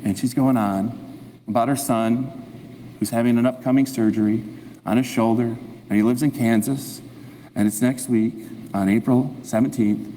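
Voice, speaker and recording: A man preaching as a pastor, telling a lively story and acting out his own inner thoughts. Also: mid-range voice. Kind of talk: sermon. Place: church sanctuary. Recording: long reverb of a church hall.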